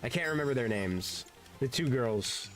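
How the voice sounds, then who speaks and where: A man with a mid-range, lively voice chats casually while streaming a game at a normal speed, with soft music in the background. He rambles in a laid-back way, swearing and saying "dude" a lot.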